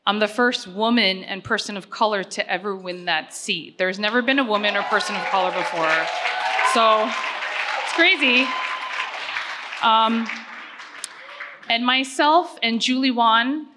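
A woman's voice: a little high, measured pace, long pauses, a loud crowd, very noisy. A middle-aged woman giving a personal acceptance speech at a gala, talking earnestly and conversationally with frequent fillers.

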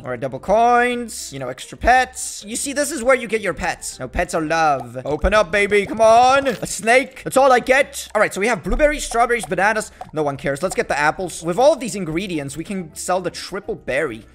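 Young guy, high voice, playful gaming commentary, excitable and bossy. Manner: excitable, jokey, bossy toward game customers. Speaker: gaming YouTuber. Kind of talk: casual gameplay commentary.

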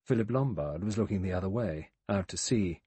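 A man narrating an audiobook in a measured, even reading. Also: low-pitched, slightly rough, no echo. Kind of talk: scripted narration.

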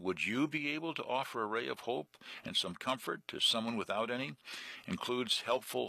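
A man hosting a program, reading a book aloud in a steady, earnest way. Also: medium pitch, vocal fry, dry recording. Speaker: radio program host.

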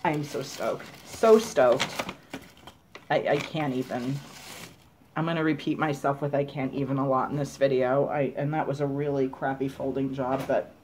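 Gushing low-voiced woman unboxing. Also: fairly even intonation, normal speed, darkish tone, slight background noise. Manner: gushing, enthusiastic, repeats herself. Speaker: craft vlogger. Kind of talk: casual unboxing chat. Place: at home.

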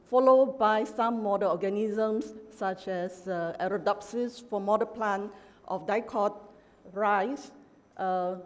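A middle-aged woman professor giving an academic lecture, measured and emphatic, pausing often with "uh". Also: mid-range voice, darkish tone. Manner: measured, emphatic, with frequent "uh" pauses. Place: large university lecture hall. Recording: long hall reverb.

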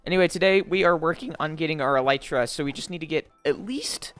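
A young gamer narrating a let's-play at a desk mic in a mid-pitched voice, laughing a lot and playing up every danger for drama. The sound is close and dry with faint game music underneath. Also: fast talker, fairly bright tone, no echo. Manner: jokey and melodramatic, laughs a lot; rises into panicked shrieks when startled. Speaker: Minecraft let's-play host. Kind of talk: gameplay commentary.

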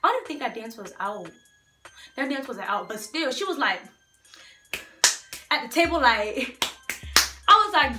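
Young woman, storytime vlogger, slangy, high voice, echoey room with faint music. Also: a little slow, long pauses. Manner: animated, slangy, addresses viewers as y'all. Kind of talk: storytime vlog.

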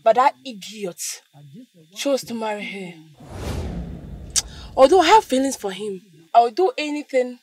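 A woman's voice: on the high side, unhurried, echoey room, close to an everyday voice, poor audio. A woman playing a spiteful scheming sister. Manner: taunting, insulting.

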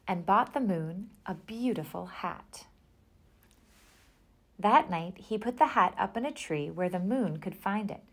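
In a gentle storytelling manner, a woman with a mid-range voice reads a children's picture book aloud.

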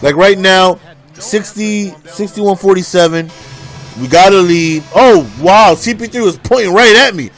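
A man's voice: high-pitched, a little slow, fairly bright tone. A man giving casual, playful video game commentary, boasting and joking, with lots of repeated phrases. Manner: repeats phrases, frequent "you know what I'm saying". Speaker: gameplay commentator.

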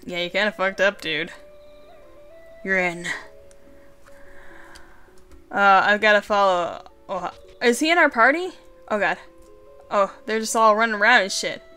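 A woman hosting a horror game let's play, reacting excitably with exclamations and swearing. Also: mid-range voice, a little slow, long pauses, soft background music. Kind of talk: gameplay commentary and reading game text aloud.

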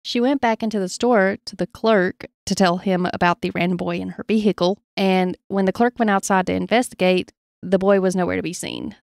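A woman's voice: mid-range voice, fairly even intonation, a little fast, vocal fry, dry recording. Woman reading eerie stories, dry mic. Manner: reads from notes, laughs easily, plays along with jokes. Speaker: podcast co-host. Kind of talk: reading paranormal stories in casual chat.

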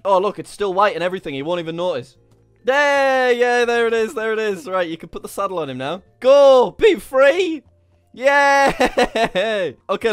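Young man, high voice, bouncy intonation, excitable gaming commentary, dry close sound. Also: smooth, dry recording. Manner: excitable, laughs often. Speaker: YouTuber host.

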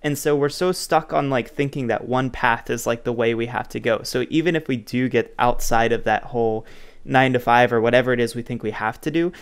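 A man's voice: medium pitch, brisk, smooth. A man hosting a podcast, chatting casually with his guest and laughing along with him. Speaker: podcast host. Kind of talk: casual interview talk.

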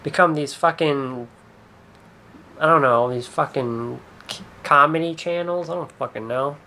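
A man's voice: fairly high pitch, measured pace, sharp tone, a little hiss or hum. A young man talking through a rambling vlog monologue, hesitant and swearing often, trailing off and restarting his sentences. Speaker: YouTuber.

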